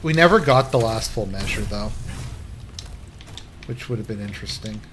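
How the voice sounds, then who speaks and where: A man's voice: fairly low pitch, lively intonation, moderate pace, background noise. A man streaming a game and chatting casually, rambling and hesitating with many filler words. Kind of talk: casual chat while gaming.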